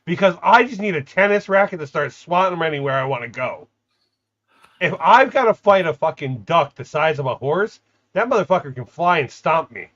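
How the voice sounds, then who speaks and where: A man's voice: on the high side, lively intonation, normal speed, a bit bright, highs cut off. A man co-hosting a podcast in casual chat, joking, laughing and swearing. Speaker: podcast co-host.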